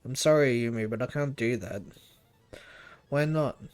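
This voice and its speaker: A man voicing an eerily calm, possessive young woman who talks in a soft, flat, coaxing way. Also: medium pitch, a little slow, clear, resonant tone, close to an everyday voice. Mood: calmly chilling.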